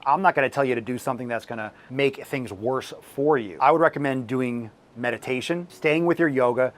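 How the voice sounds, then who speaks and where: A man in the middle of his pitch range answers viewer questions on his fitness channel. He is blunt and swears freely, sometimes ranting, and his voice is a touch hoarse from losing it. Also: brisk. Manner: blunt and profane, ranting at times.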